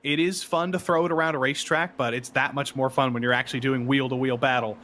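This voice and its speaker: A man giving relaxed color commentary on an esports race, chatting and joking between the action. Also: medium pitch, fast. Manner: relaxed, chatty analysis with jokes.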